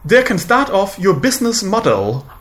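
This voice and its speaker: A man composer giving a meandering, repetitive spoken lesson, often halting on purpose. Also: high voice, big pitch swings. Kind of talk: rambling spoken lecture. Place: large music venue. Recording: echoey room with loud music. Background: loud music.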